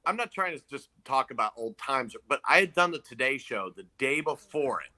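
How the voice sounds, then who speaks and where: A man telling a story in casual chat, animated, acting out quoted people. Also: fairly quick. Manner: animated storyteller, acts out quotes in loud high voices. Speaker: comedian guest.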